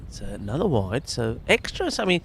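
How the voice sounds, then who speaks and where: Man, cricket commentator, live outdoor commentary, animated, chatty with fielders, faint ambience. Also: medium pitch, moderate pace, creaky, noisy background. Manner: chatty, banters with nearby fielders.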